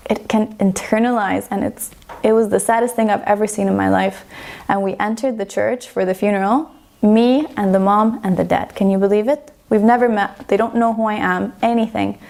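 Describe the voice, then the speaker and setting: A woman in her thirties from Estonia recounts a personal story in relaxed, conversational speech. Her voice has a marked vocal fry. She gets emotional and acts out the dialogue she quotes. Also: medium pitch. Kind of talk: personal testimony, casual storytelling.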